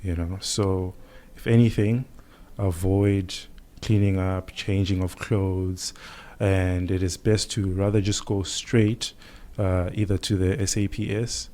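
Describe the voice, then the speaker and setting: A man, speaking as a guest doctor in a radio podcast interview, calm and measured, explaining things with many "you know"s. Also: deep voice.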